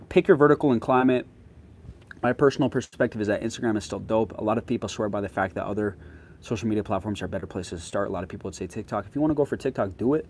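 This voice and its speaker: A man's voice: fairly low pitch, a little mellow. A young man chatting casually with his viewers as a social media creator, in a slangy, laid-back way.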